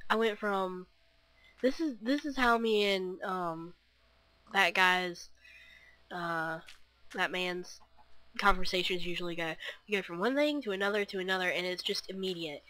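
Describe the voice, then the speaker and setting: Bright, chatty young woman rambling. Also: fairly low pitch, unhurried, no echo. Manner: scattered, chatty, lots of fillers and restarts. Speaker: vlogger. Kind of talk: rambling casual chat.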